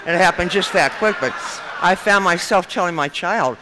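A woman's voice: fairly low pitch, normal speed, noisy background. An older woman from Nebraska sharing her recovery story at a meeting podium, talking in a frank, folksy, joking way and often calling the room "you guys.".

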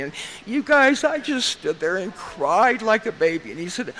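A woman's voice: mid-range voice, very animated, moderate pace, fairly bright tone, a little hiss or hum. An older woman from Nebraska sharing her recovery story at a meeting podium, talking in a frank, folksy, joking way and often calling the room "you guys.".

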